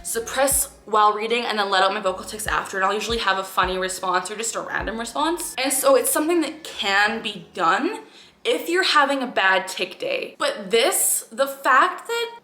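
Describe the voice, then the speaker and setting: A young woman reacts to a clip in earnest, frustrated casual talk, often letting out sighing groans. Her voice is bright and tense. It rings in an echoey room with faint music behind. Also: medium pitch. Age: young adult.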